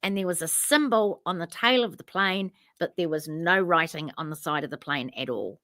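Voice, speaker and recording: A woman's voice: lowish voice, normal speed, pushed and bright, slight background noise. A woman, co-hosting a casual chat and telling a story, acting out both sides of remembered conversations. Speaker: podcast co-host.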